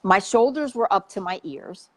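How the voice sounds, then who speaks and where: Woman health coach, animated storytelling, chatty, swears a bit, middle-of-the-road pitch. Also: moderate pace, rough recording. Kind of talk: casual storytelling in conversation.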